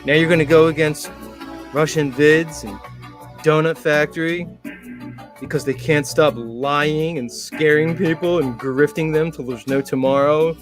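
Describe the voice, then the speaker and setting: A man's voice: on the high side, steady tone, measured pace, music in the background, close to an everyday voice. A man voicing a sulking, angry, drinking middle-aged father who grumbles and swears. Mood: seething.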